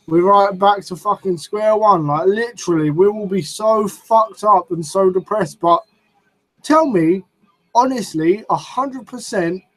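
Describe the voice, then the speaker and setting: A young man ranting casually on a live stream, excitable and swearing, rambling as he reacts to wrestling. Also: high voice, measured pace, low-quality recording.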